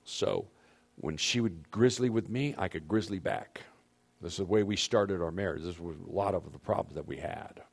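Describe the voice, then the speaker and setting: A man with a somewhat low voice teaches a room of couples about marriage. He talks emphatically, turning to the husbands and then the wives. He speaks into a handheld microphone. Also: normal speed, vocal fry, husky. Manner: emphatic, addresses audience directly.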